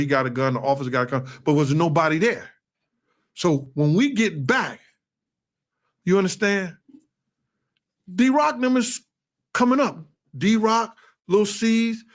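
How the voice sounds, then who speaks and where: A man telling a tense story in a casual interview, acting out quoted shouts with an animated delivery. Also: on the high side. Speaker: interview guest.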